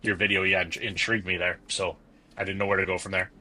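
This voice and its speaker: A man's voice: deep voice, little pitch movement, fast, pushed and bright. A man, a business owner guesting on a podcast, telling candid stories about his work. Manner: candid, storytelling, self-critical. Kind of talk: casual conversational interview.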